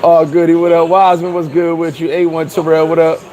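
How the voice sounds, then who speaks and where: A man's voice: a little high, little pitch movement, a little fast, darkish tone, poor audio. A man hosting a casual livestream chat, talking bluntly and profanely and reading out viewer comments. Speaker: livestream host.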